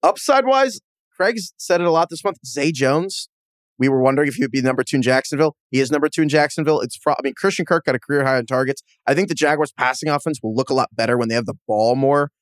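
Quick joking New York man. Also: mid-range voice, no room sound. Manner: quick, joking, laughs often. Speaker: podcast host. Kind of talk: casual sports podcast chat.

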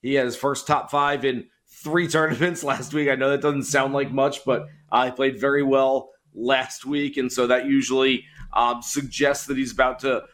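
A man's voice: mid-range voice, fairly even intonation, normal speed, few pauses, a bit bright. A man appearing as a guest golf analyst in a casual interview, confident and opinionated.

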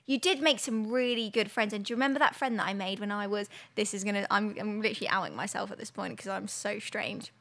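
A woman's voice: mid-range voice, quick pace, gravelly, hardly any pauses, fairly bright tone. A young woman co-hosting a podcast, telling holiday stories in a chatty, giggly way full of "like". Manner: chatty, giggly storytelling with lots of "like". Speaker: podcast co-host. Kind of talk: casual chat.

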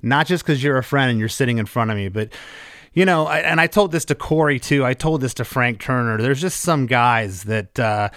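Man, podcast host, earnest, halting starts, middle pitch, dry room. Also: a bit bright, smooth, dry recording. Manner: earnest, stammers into thoughts, says "mm-hmm" often. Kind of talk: casual interview.

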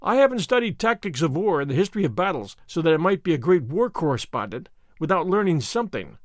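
A man voicing a bold, boastful young American consul in an audiobook, making forceful declarations. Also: on the high side, very animated, quick pace, dry recording, clean studio sound. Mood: confident.

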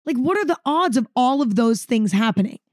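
A woman's voice: on the high side, animated, a little fast, a little mellow, dry recording, clean studio sound. A woman vlogger telling a story to camera in a casual monologue, dramatic and emphatic, repeating words for effect and swearing freely.

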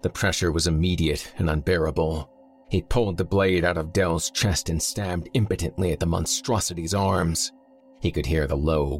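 A man reading a horror story aloud in steady, measured scripted narration. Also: sits low. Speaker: audiobook narrator.

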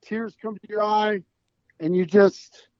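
A man's voice: high voice, level tone, slow pace, dry recording, dull audio. A man being interviewed as a band founder, talking in a rambling, emphatic way with plenty of swearing. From United States. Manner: rambling, emphatic and profane, with restarts. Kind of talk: casual podcast interview.

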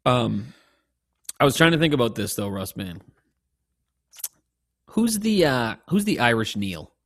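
A man co-hosting a podcast in casual chat, rambling and swearing, easily excited. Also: mid-range voice, unhurried, dry recording, clean studio sound. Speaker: podcast co-host.

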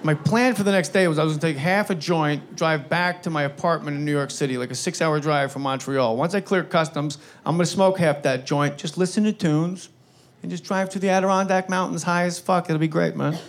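A middle-aged man performing stand-up comedy, telling a long personal story in a profane, rambling way. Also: fairly high pitch. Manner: profane, rambling anecdotal delivery.

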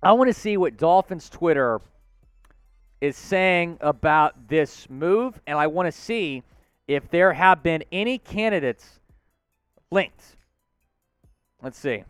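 A man hosting a live sports talk stream, excitable and shouting out supporters. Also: on the high side, takes it slowly, long pauses, smooth, no room sound, faint music behind. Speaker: host.

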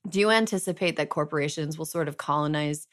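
A woman with a low-pitched voice talks fast as she hosts a podcast. Her casual chat is playful and chatty, packed with fillers.

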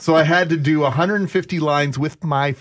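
A man's voice: fairly high pitch, fairly even intonation, normal speed. A man hosting a morning radio show, telling stories in a joking way and reading out contact details. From Canada. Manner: jokey storyteller, reads out phone and email details. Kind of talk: casual morning radio chat.

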